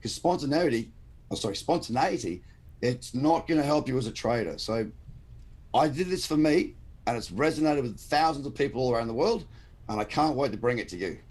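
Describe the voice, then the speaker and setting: An Australian man speaks with blunt, emphatic passion, laying out his points like a straight-talking trading mentor. His voice has a husky, slightly rough edge. His pitch sits in the ordinary middle range for a man. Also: lively intonation, brisk, a little mellow. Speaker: guest trader and educator. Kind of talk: livestream interview chat.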